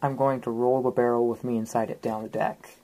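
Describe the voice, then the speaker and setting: A woman's voice: rumbling low, little pitch movement, a little fast, warm tone, a little hiss or hum. A young woman playing a tabletop role-play game, narrating her character with a playful, goofy manner. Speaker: player.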